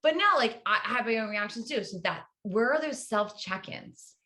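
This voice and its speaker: A woman's voice: on the high side, expressive, normal speed, bright, forceful tone. Upbeat woman guest explaining things. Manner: upbeat, explanatory, tags sentences with "right?". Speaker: guest, public health educator. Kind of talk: casual interview chat.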